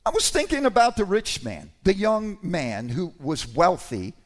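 A man preaching a sermon to his congregation, conversational and animated, with sudden emphatic rises. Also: high-pitched, unhurried.

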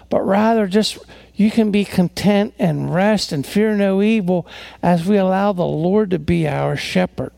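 A man's voice: sits high, gravelly, a little mellow, no echo. A man preaching a sermon as a pastor, telling stories earnestly, often restarting and repeating words.

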